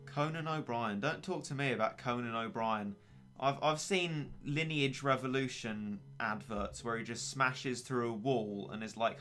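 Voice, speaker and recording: A man's voice: mid-range voice, a little slow, a bit bright, faint music behind. A young man in his late teens chatting casually and wryly on a game stream, poking fun at himself. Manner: chatty, wry and self-mocking. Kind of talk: casual gaming stream chat.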